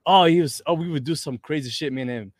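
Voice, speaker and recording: A man's voice: on the high side, fast talker, no echo. A man guesting on a podcast, talking enthusiastically and casually, often saying bro and swearing. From outside America. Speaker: guest, pro wrestler. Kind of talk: casual interview chat.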